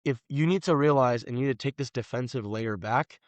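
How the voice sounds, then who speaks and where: A man, a guest telling animated, slangy stories on a casual podcast. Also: mid-range voice, brisk, dry recording, lo-fi sound. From Los Angeles, USA. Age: 20s. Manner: animated storyteller, slangy, says "bro" often.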